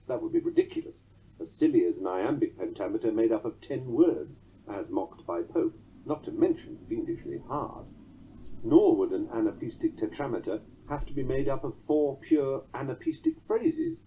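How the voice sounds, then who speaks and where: A man's voice: mid-range voice, sing-song, normal speed, husky. A man narrating a lesson on poetic meter, reading in a rhythmic way and tapping out the beats aloud. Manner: rhythmic, sounds out metrical beats. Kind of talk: audiobook-style lesson reading. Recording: dull lo-fi recording.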